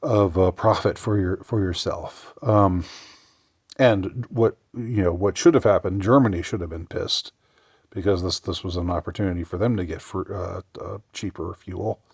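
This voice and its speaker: Low-voiced sarcastic male commentator. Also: darkish tone, slightly rough, no room sound, clean studio sound. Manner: sarcastic, halting, many restarts. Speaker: commentary vlogger. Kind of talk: political commentary vlog.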